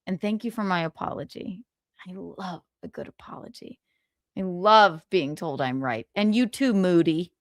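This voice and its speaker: A woman's voice: on the low side, normal speed, no echo, clean studio sound. A woman hosting a gossip livestream, talking casually, swearing often and rambling sarcastically.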